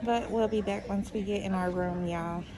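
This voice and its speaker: A woman's voice: mid-range voice, fairly even intonation, normal speed, a loud crowd, rough recording. A pregnant woman, chatting casually to her viewers as a vlogger, a bit out of breath, calling them y'all. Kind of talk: casual vlog chat to viewers. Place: car, then doctor's office.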